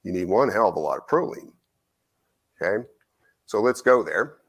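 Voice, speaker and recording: A middle-aged man giving a conference lecture. He tells an anecdote in an animated way, acts out both sides of the conversation and often asks "right?". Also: lowish voice, moderate pace. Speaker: nutrition researcher giving a conference talk. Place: lecture hall.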